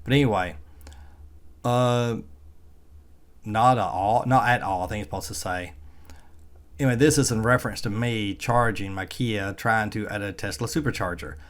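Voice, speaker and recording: A man's voice: fairly low pitch, moderate pace. Folksy Southern man from Arkansas. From Arkansas, USA. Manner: folksy, plainspoken, chuckling. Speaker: EV vlogger. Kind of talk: casual vlog commentary.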